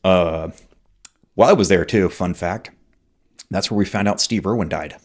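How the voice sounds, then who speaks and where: Speaking at a moderate pace in a deep voice, this veteran guest in his forties spins casual conversational stories. His talk wanders, is packed with fillers, and includes plenty of swearing.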